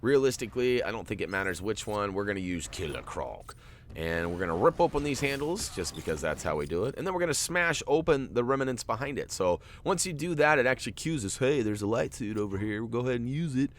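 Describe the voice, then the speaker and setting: A man's voice: mid-range voice, expressive, quick pace, slight background noise. A man hosting a video game walkthrough, chatting casually and joking with viewers. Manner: jokey, chatty, talks to viewers. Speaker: gaming walkthrough host.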